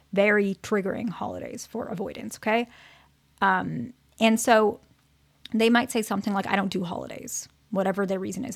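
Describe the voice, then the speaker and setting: A woman therapist talks through relationship advice in an easy, conversational way, with a noticeable gravelly fry running through her middle-pitched voice. She keeps checking in with her listeners and corrects herself when a word doesn't sit right. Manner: corrects herself mid-sentence while searching for words. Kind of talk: casual relationship advice talk to viewers.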